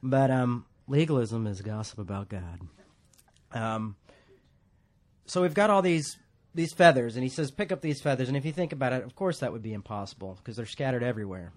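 A man's voice: medium pitch, expressive, a little fast. A man preaching a casual, rambling sermon in a church, joking at his own expense and laughing often. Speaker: pastor.

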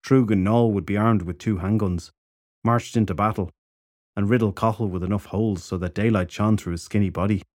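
Male audiobook narrator, lowish voice, dry close sound, steady pacing. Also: brisk, dry recording.

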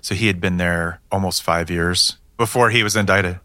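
A man's voice: low-pitched, fairly even intonation, normal speed, sharp tone, no room sound. A man, a police detective, telling his case in a matter-of-fact way with dry humor. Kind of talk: storytelling interview answers.

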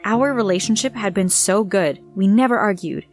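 A woman narrating a dramatic first-person story in a steady, earnest reading voice. Faint music plays softly underneath her. Her pitch sits in a middle register. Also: moderate pace.

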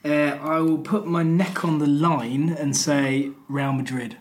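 Bloke cohosting a podcast, banter, kinda high voice. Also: male voice, steady tone, takes it slowly. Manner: joking banter. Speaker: podcast co-host. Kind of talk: casual chat.

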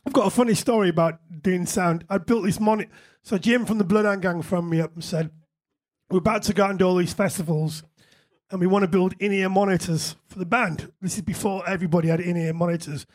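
Guy, high voice, live Q&A guest, laughs a lot, swears casually. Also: steady tone, fast talker. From England. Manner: chatty anecdotes, frequent laughter, casual swearing. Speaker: musician guest. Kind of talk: live on-stage Q&A storytelling.

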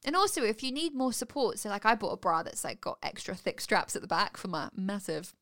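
A woman co-hosting a podcast in casual chat, giggly and animated and quick to laugh. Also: mid-range voice. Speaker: podcast co-host.

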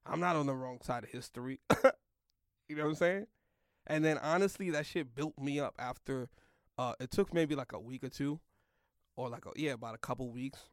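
A man's voice: medium pitch, normal speed, no echo, studio quality. A young man, a comedian, telling a rambling story in loose slang, full of "like" and "yo". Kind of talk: casual storytelling in a podcast chat.

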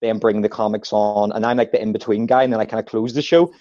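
Animated man telling stories. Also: on the low side, fast talker, no echo, dull audio. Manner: animated anecdotes with acted-out quotes. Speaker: stand-up comedian, guest. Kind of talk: casual podcast chat.

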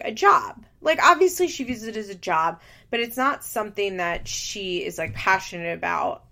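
A woman's voice: medium pitch, fairly bright tone. A woman giving casual, opinionated commentary on a reality show, talking freely with lots of filler words. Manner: chatty, opinionated, frequent "like" fillers. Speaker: podcast host recapping reality TV.

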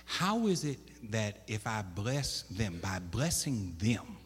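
A man preaching a sermon, with loud emphatic bursts, stammered restarts and questions to the congregation. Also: on the low side, sing-song, slow pace, slightly rough. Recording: echoey hall.

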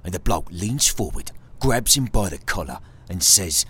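Deep-voiced deadpan British storyteller man. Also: moderate pace, husky. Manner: deadpan, escalating absurd tall tale, teasing a sidekick. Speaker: comedian. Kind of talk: comic storytelling monologue.

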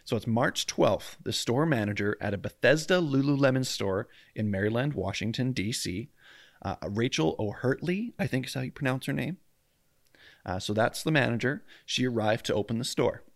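A man's voice: mid-range voice, animated, moderate pace, vocal fry, dry recording. A man co-hosting a casual true-crime podcast, chatty and jokey, tripping over names as he tells the story. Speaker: podcast co-host. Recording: dry close mic at home, faint outdoor hum.

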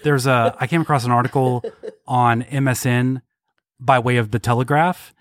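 A man's voice: medium pitch, steady tone, normal speed, no room sound. A man co-hosting a podcast, giving wry, joking commentary. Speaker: podcast co-host. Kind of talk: casual chat.

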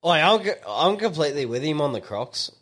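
Easygoing man, lively voice. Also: a little high, brisk, very noisy. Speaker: podcast co-host. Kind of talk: casual chat.

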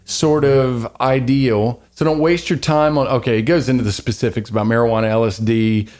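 Rambling animated male podcast host. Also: medium pitch, normal speed. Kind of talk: casual opinionated chat.

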